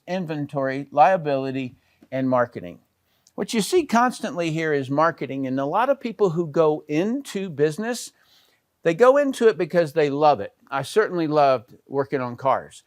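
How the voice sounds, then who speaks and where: A middle-aged man walks through business models in a relaxed teaching talk, often pausing to check in with his listeners. His voice is smooth and resonant, sitting a little high for a man. The sound is dry and close, with no room around it. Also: no room sound. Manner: conversational, with frequent "okay" and "all right" check-ins. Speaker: business educator. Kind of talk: explanatory talk over slides.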